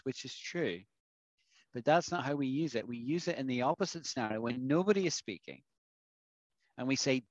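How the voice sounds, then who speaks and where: A man's voice: mid-range voice, lively intonation, brisk, no echo, highs cut off. A man teaching English phrases to a small online class, explaining and asking the class questions. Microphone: video call.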